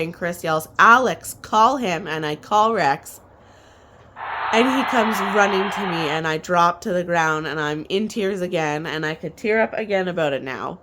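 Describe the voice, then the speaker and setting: A woman in her thirties with a slightly low voice tells a family story in a relaxed, chatty way. She laughs often and lets her sentences trail off before picking them up again. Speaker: vlogger. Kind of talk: casual storytelling.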